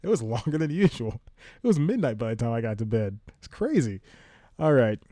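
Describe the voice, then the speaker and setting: A man's voice: medium pitch, very animated, brisk, dark tone, dry recording, studio quality. A man hosting a casual solo podcast from home, rambling, restarting his sentences and laughing often. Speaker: podcast host.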